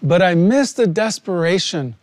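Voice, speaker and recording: A man, a pastor, giving a heartfelt testimony in a teaching video, speaking earnestly and slowly with deliberate pauses. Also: sits high, lively intonation, darkish tone, no echo. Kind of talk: scripted video teaching talk.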